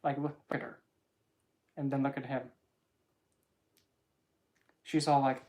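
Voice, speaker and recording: A casual tarot vlogger with a mid-pitched voice who rambles through readings. The delivery is chatty and full of jokes and self-corrections. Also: flat delivery, takes it slowly, pauses often, darkish tone. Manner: rambling, joking, self-interrupting. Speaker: tarot reader.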